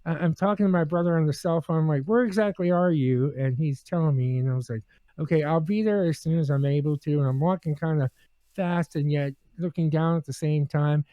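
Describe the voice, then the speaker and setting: High-pitched guy rambling through a story on a podcast, lots of restarts and ums, dry close sound. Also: no echo. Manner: halting, with many restarts and fillers; animated when acting out quotes. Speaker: regular co-host telling a story. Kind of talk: casual podcast chat.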